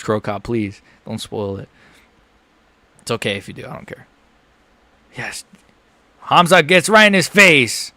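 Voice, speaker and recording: A nervous young man on a live stream reacting to a fight, rambling to chat, muttering low and then yelping high. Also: normal speed, long pauses, bright, forceful tone, dry recording.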